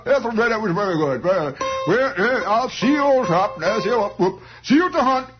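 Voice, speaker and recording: A man's voice: high voice, animated, fairly quick, over music, pitched above the performer's own voice. A man putting on the voice of a pompous, jovial old-fashioned nobleman who talks in a hearty, stammering way. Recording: dull lo-fi recording.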